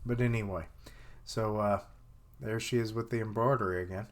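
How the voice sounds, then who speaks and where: A man's voice: on the low side, steady tone, normal speed. A man giving casual live reaction commentary on an anime, swearing freely and thinking aloud.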